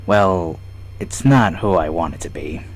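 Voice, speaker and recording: An easygoing young male honey badger, as a man voices him in a fan cartoon. His voice sits low but moves around a lot. He drawls casual slang like nothing in the world could bother him. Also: unhurried. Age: 20s. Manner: relaxed, casual slangy talk.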